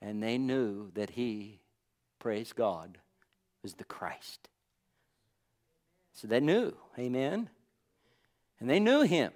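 A man preaching a fervent sermon in a rhythmic, repetitive cadence, peppering his lines with praise and swinging from loud declarations to hushed, near-whispered words. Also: medium pitch, lively intonation, slow pace, long pauses.

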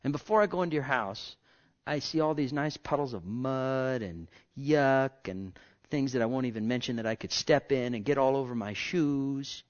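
A man preaching a sermon as pastor, impassioned, moving from loud outbursts to hushed whispers. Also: mid-range voice, moderate pace, muffled recording.

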